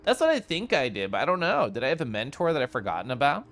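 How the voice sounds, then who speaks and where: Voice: medium pitch, wildly swooping pitch, quick pace, hardly any pauses, a bit bright, slight background noise. A game streamer chatting casually on a live stream, reacting to chat with a giggly, chatty manner.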